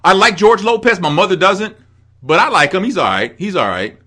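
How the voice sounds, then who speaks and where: A podcast co-host, a middle-aged man from the Midwest, has a high voice and a brisk pace. Swapping stories in a casual conversation, he's expressive and laughs a lot.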